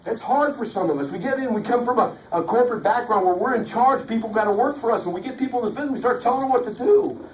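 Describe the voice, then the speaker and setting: A man giving an energetic, joking motivational talk at a live sales event, often acting out voices. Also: very high-pitched, fast talker, a little hiss or hum. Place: large hall. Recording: echoey hall from far off.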